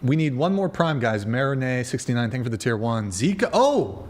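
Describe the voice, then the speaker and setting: A man's voice: medium pitch, sing-song, brisk. A man hosting a podcast livestream, chatting casually, rambling and swearing as he talks straight to his viewers. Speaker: podcast host.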